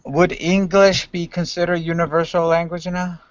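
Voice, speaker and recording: A man's voice: high-pitched, flat delivery, moderate pace. A man bantering and teasing in casual joking chat on a live stream. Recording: dull lo-fi stream mic.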